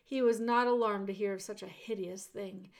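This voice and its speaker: A woman narrating a children's audiobook, talking straight to the listener with expressive storyteller pacing. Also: mid-range voice, moderate pace. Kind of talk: audiobook reading of a children's novel.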